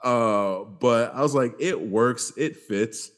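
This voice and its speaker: A man's voice: medium pitch, takes it slowly. A man hosting a casual podcast chat, talking in a loose, laid-back way with plenty of swearing and frequent laughs. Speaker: podcast host.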